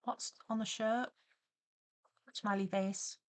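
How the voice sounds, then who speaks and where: A woman's voice: medium pitch, steady tone, slow. Playful woman streamer. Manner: playful, theatrical mock-villain rambling with frequent laughs. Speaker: streamer and animator. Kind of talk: casual livestream chat.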